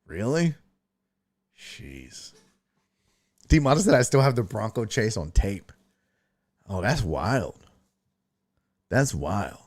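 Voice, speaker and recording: Profane, animated sports-stream host. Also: male voice, lowish voice, slow pace, pauses often. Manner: profane, blunt, animated, mocking. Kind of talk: casual sports talk stream, reading chat.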